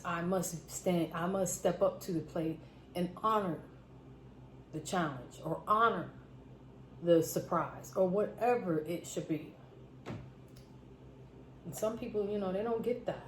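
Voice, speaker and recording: Emphatic woman vlogging in an echoey room. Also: on the low side. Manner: emphatic, repeats phrases for stress, preachy asides. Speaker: food vlogger. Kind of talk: casual storytelling to camera. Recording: roomy echo, faint background noise.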